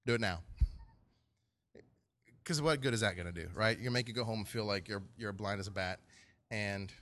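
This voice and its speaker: Male pastor, sermon, conversational, repeats phrases, quizzes the congregation, mid-pitched voice, church. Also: bright, forceful tone.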